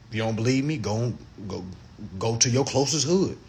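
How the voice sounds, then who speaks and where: A man with a mid-range, slightly mellow voice talks at a moderate pace to his livestream audience. His monologue is animated, emphatic and full of profanity, and now and then he voices other people.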